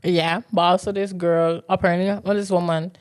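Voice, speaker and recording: A woman's voice: lowish voice, level tone, a little fast, clean tone. A woman co-hosting a podcast in casual chat, telling stories in an easygoing way with loose, informal grammar. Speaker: podcast co-host.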